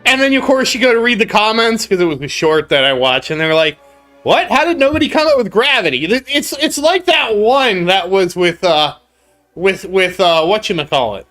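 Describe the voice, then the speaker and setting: A man's voice: sits high, sing-song, normal speed, fairly bright tone, faint music behind. A man hosting a gaming channel, chatting casually over gameplay as a rambling storyteller who laughs often and repeats himself.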